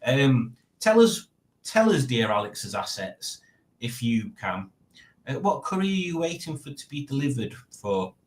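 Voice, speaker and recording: A man's voice: medium pitch, very animated, a little slow, echoey room. A man hosting a live-stream quiz in casual chat, rambling and jokey as he reads viewer comments aloud.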